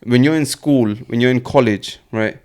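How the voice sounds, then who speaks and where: A man's voice: medium pitch, moderate pace, a little mellow. A man, co-hosting a casual podcast, earnest and repetitive, full of rhetorical asides. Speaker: podcast co-host. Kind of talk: casual chat.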